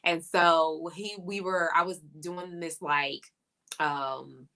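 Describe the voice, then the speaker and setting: This is a woman co-host in her thirties with a slightly low voice, chatting casually. She circles back with fillers and restarts and laughs easily as she goes. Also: steady tone, slow pace, bright, forceful tone. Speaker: podcast co-host. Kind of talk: casual chat reviewing a reality show.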